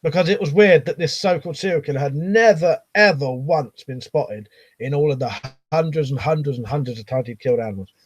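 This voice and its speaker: Middle-aged male streamer, loose rambling chat with casual swearing, fairly high voice. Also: a little fast. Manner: rambling, swears casually, reads comments aloud.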